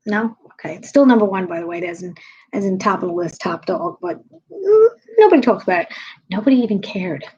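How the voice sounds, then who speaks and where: A tired woman comedian with a low voice, ranting bluntly and sarcastically to her viewers in a casual chat. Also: very animated, brisk, dark tone, lo-fi sound. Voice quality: low, husky. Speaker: comedian live-streaming.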